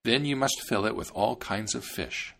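A man voicing a gentle young princess who commands gnomes, raising his voice high for her calls. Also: moderate pace, creaky. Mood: commanding.

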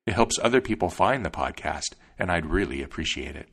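A man hosting a podcast, reading a fairy tale aloud with expressive storytelling. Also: low-pitched, a little fast, slightly rough. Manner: expressive storytelling, polite sign-off. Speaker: podcast host and narrator.

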